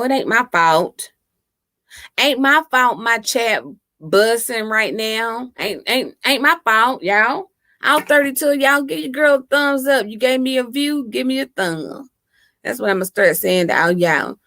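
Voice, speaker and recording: This livestream host talks into her laptop microphone at home, keeping the chat casual as she laughs with and teases her viewers. Her voice is fairly high and fairly bright, recorded dry at studio quality.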